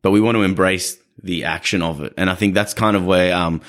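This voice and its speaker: A man's voice: sits low, fairly even intonation, fairly quick, a bit bright. A young adult man hosting a podcast, explaining dog behavior in a casual, explanatory way and acting out quoted people. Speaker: podcast host, dog trainer.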